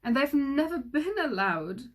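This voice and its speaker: A woman's voice: medium pitch, sing-song, slow, fairly bright tone, slightly rough, full character voice. A woman voicing a weepy, grumpy male king who sobs and wails his complaints. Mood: wailing. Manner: sobbing, wailing complaints.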